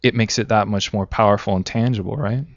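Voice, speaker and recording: A man's voice: fairly low pitch, steady tone, brisk, no room sound. A man who works as a spiritual life coach, speaking as a guest on a radio talk show in an encouraging, casual way. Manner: encouraging, with frequent restarts. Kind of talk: casual interview chat. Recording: dull lo-fi internet radio sound.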